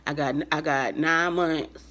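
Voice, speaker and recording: A woman's voice: deep voice, steady tone, a little slow, pushed and bright. A young woman vlogger telling a personal story in a casual, rambling way. She uses lots of fillers and keeps acting out what people said with "I was like.".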